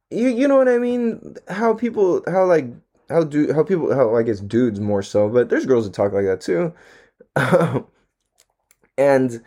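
A man's voice: medium pitch, a little mellow. A young man hosting his own podcast on camera, talking in a loose, rambling way with plenty of slang and swearing and frequent laughter. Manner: laid-back, slangy, swears a lot, laughs often. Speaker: solo podcast host. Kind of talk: casual rambling monologue. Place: at home, on camera.

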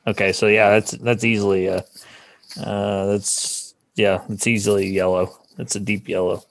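A man's voice: on the low side, flat delivery, moderate pace, no room sound. A man playing a tabletop role-playing game, thinking aloud and laughing easily. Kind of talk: casual in-character game talk.

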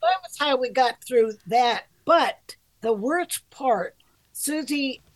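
An older woman talks in a relaxed, unhurried way, with a voice that sits slightly high. She pokes fun at herself, laughs often and swears without fuss. The sound is dry and close, with no room echo. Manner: self-deprecating, laughing, frank with swearing. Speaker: podcast co-host, dog groomer and shop owner. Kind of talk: casual chat.

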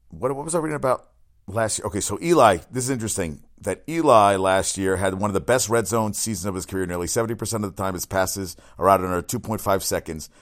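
A low-pitched man hosts a sports podcast on his own. He rambles in an excitable way, with crude asides and constant self-corrections.

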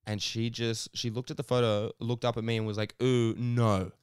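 A man's voice: mid-range voice, flat delivery, a little fast, smooth, dry recording, studio quality. A young man, co-hosting a podcast and telling stories in casual chat, laughing often and swearing casually. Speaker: podcast co-host.

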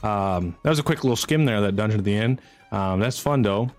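A man narrating as game master of a streamed tabletop game, energetic and chatty, swinging into excited whoops. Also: fairly low pitch, moderate pace, soft background music.

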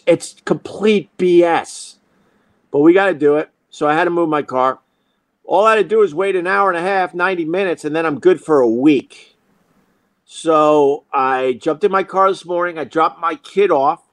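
A man's voice: a little high, normal speed, no echo. A man telling a comic story in a profane, self-mocking monologue as host.

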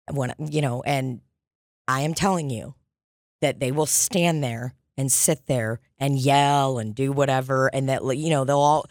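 A woman comedian chatting casually on a podcast, telling profane, animated stories. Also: extremely low pitch, no room sound, studio quality.

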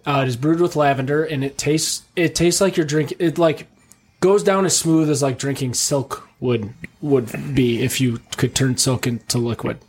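A man's voice: mid-range voice, normal speed, slightly rough. A man hosting a casual podcast, rambling and swearing freely as he jokes with his co-hosts. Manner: rambling, profane, joking. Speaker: podcast host. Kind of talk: casual chat.

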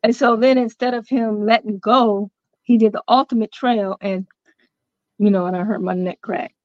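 A woman's voice: mid-range voice, steady tone, moderate pace, no room sound. Woman guest telling her story on a podcast, lots of "you know", dry close sound, a bit muffled. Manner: recounts events with many fillers and quoted dialogue. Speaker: interview guest. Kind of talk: personal storytelling in a podcast interview.

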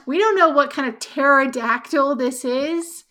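A woman playing along in a story game, making joking, drawn-out asides. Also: high-pitched, bright, forceful tone. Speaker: player. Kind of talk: casual banter during a story game.

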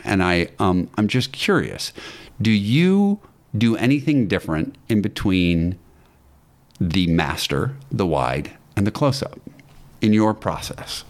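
Very low-voiced man telling a story. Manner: anecdotal, hesitant with ums and restarts. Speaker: guest actor and acting teacher. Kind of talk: casual podcast storytelling.

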